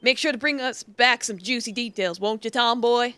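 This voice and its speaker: A man's voice: extremely high pitch, normal speed, pushed and bright, clean tone, dry recording. A woman voicing a scheming male outlaw gang leader in a put-on Southern drawl, with folksy Old West talk. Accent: put-on American Southern drawl.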